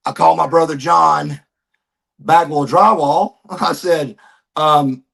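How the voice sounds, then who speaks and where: Man, gravelly, raised pitch, animated storyteller, podcast guest. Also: slow pace. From Georgia, USA. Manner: animated storyteller, calls listeners brother.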